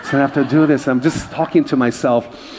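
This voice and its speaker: A man's voice: mid-range voice, fairly even intonation, fairly quick, heavy background noise. A man pastor preaching a conversational sermon and joking with the congregation.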